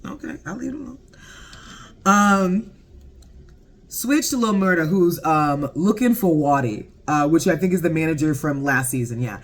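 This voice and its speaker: A man giving a casual, profane episode recap, animated and laughing often. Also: a little high, moderate pace. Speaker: TV show reviewer.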